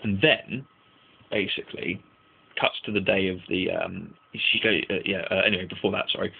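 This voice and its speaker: A man's voice: low voice, fairly even intonation, moderate pace, gravelly, slightly rough. A man casually recapping an anime episode in a rambling, swearing way, acting out the characters' lines. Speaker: anime reviewer. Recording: tinny, phone-like lo-fi sound.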